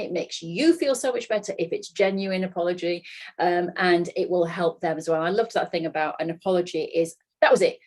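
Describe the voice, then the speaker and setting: A woman's voice: on the low side, a little mellow. A woman, co-hosting a casual chat and earnestly encouraging listeners. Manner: earnest and encouraging, speeds up when emphatic. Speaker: co-host.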